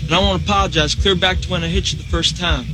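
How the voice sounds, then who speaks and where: A man's voice: sits high, fairly even intonation, fast, music in the background, close to an everyday voice, poor audio. An actor playing a remorseful young cowboy who pleads earnestly with his wife, stumbling over repeated words. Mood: pleading.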